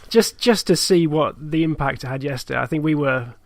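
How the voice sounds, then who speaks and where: A man co-hosting a gaming podcast, telling stories in a relaxed, casual way. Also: a little high, fairly quick, dry recording, studio quality. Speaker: podcast co-host. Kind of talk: casual chat.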